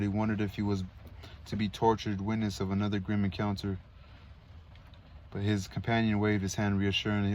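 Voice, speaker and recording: A man reads a classic novel aloud in a low, even voice that barely rises or falls. He stumbles now and then and corrects himself. A faint hiss of background noise runs under the read. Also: fairly quick. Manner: plain reading with small slips and asides. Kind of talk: read-aloud audiobook narration.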